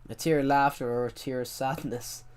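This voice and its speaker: A man's voice: medium pitch, steady tone, moderate pace, a little mellow, clear, resonant tone. A man chats loosely to his stream audience in an ordinary mid-range voice. He tells stories in a rambling way, breaking off to correct himself before carrying on. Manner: rambling storyteller, frequent self-corrections. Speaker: livestreamer. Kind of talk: casual chat while streaming a game.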